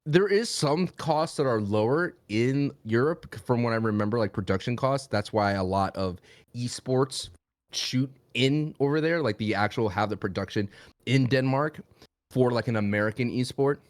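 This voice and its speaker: A man's voice: medium pitch, normal speed, dry recording, studio quality. A man co-hosting a podcast, talking in a chatty, rambling, conversational way. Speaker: podcast co-host. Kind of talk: casual chat.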